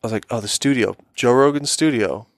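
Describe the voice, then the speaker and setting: A man's voice: medium pitch, fairly quick, no room sound. Dude in his 20s rambling thru a story, swears a lot, dry close mic. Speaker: podcast co-host. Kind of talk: casual chat.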